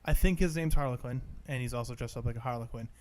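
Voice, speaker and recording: A man's voice: mid-range voice, quick pace, a little mellow, slight background noise. A man co-hosting a podcast, casually recapping a film's plot in a rambling way and acting out the characters' lines. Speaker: podcast co-host. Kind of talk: casual movie-review chat.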